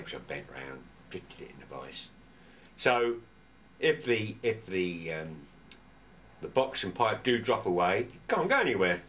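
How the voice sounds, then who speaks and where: An older English man chats in his workshop, his low voice rising and falling a great deal as he wanders from point to point. He pauses and restarts often, and he sounds set back a little from the mic. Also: fairly bright tone, far from the mic, a little hiss or hum. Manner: rambling, chatty, stops and restarts often. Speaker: vlogger. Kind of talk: casual workshop chat to camera. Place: home workshop.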